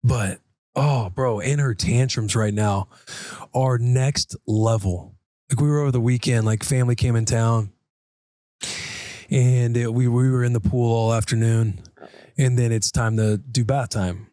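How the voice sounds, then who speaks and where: A man's voice: mid-range voice, steady tone, unhurried, warm tone, no echo, studio quality. A man in his thirties, co-hosting a casual podcast, telling a family story openly and acting out the voices in it. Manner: candid storytelling, acts out family dialogue. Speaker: podcast co-host, former pro football player.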